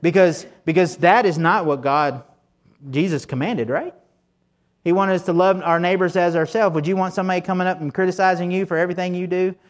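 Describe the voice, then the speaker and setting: A man's voice: high-pitched, steady tone, fairly quick. A man preaching a sermon in a conversational, folksy way, full of fillers and restarts. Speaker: pastor.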